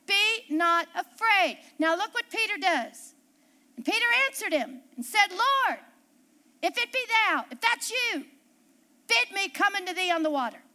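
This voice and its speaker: A middle-aged woman preaching a sermon, reading scripture slowly and acting out the voices she quotes. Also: extremely high pitch, sharp tone. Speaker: pastor.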